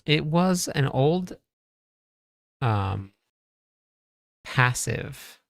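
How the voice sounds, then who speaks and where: A man's voice: medium pitch, animated, drawn-out words, creaky, dry recording. A man streaming a game, chatting casually, thinking aloud and talking to his chat. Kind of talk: casual live-stream commentary.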